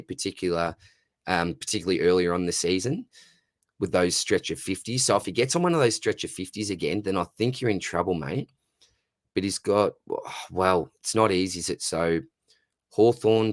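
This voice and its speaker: Deep-voiced Australian man, very dry sound. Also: no room sound. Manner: chatty, says "mate" constantly, greets viewers by name. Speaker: fantasy football livestream host. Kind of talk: casual livestream chat reading viewer comments.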